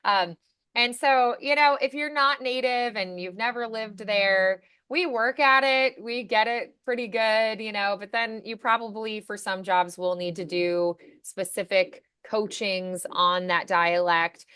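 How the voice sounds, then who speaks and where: A woman's voice: medium pitch, fairly even intonation, measured pace, sharp tone, smooth, no room sound, clean studio sound. Chatty American woman voice coach. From United States. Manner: chatty storyteller, acts out quoted voices. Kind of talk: casual coaching chat.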